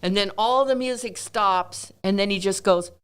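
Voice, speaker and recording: A woman's voice: mid-range voice, normal speed, clean tone. A woman in a casual podcast interview, telling stories and acting out what people said in a raised voice. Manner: animated storyteller, acts out quotes in raised voice.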